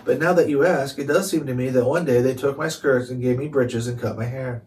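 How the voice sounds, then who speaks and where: A man voicing a sad, gentle ghost boy, speaking softly and hesitantly. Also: mid-range voice, a little fast, close to an everyday voice. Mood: doubtful. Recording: distant mic with faint noise.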